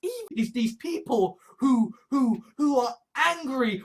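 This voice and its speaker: A woman's voice: fairly high pitch, big pitch swings, measured pace. A woman ranting in a vlog commentary, full of sarcastic mock outrage, repeated phrases and swearing. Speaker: online commentator.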